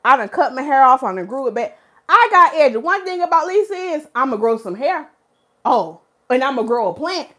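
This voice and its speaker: Lively high-voiced woman live-streaming. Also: normal speed. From North Carolina, USA. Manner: animated, preachy, talks straight to the chat. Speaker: hair stylist hosting a live stream. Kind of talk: casual live stream talk.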